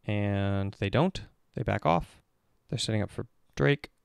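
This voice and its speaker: A man who works as an esports performance coach gives casual, animated commentary as he breaks down a game replay step by step. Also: on the low side, unhurried, gravelly, clear, resonant tone, no echo.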